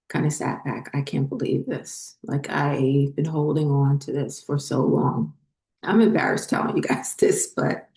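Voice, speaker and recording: A woman talks through her own story, slow and unhurried, often pausing on ums and correcting herself as she goes. Her voice sits low and mellow. The room around her gives it a noticeable echo. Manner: rambling, frequent ums and self-corrections. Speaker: spiritual channel host. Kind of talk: casual personal storytelling.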